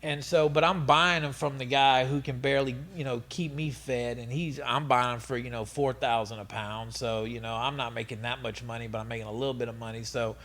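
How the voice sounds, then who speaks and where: A middle-aged man telling stories as an interview guest, animated and profane, laughing often. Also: mid-range voice, fairly quick, few pauses. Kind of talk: casual storytelling interview.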